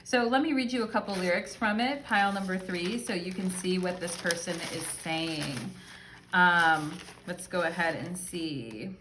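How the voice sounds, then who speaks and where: A woman's voice: lowish voice, normal speed, noisy background. A woman giving a casual pick-a-card tarot reading, talking straight to her viewers in a chatty, affectionate way with a lot of fillers. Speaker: tarot reader.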